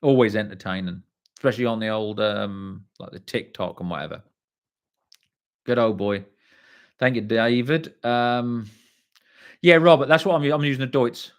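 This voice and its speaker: A man's voice: medium pitch, normal speed, pauses often. A middle-aged man hosting a live stream, reading viewer comments in a casual, rambling way and swearing freely. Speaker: livestream host.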